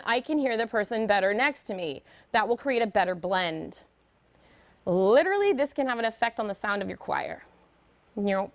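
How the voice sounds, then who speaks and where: Animated woman voice teacher. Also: mid-range voice. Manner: animated, demonstrates sung notes. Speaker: guest voice teacher. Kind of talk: lecture to a choir.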